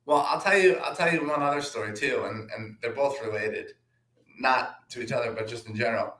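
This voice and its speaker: A man, a trader, telling stories from his career in a relaxed anecdotal way, with plenty of "um" and "like". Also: medium pitch, fairly quick. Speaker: trader and guest. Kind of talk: casual storytelling. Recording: roomy echo.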